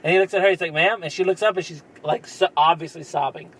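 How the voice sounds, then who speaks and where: A man's voice: fairly high pitch, steady tone, fast talker, slightly rough, poor audio. A young man casually telling a story on a podcast, rambling, laughing often and acting out what people said. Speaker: podcast co-host.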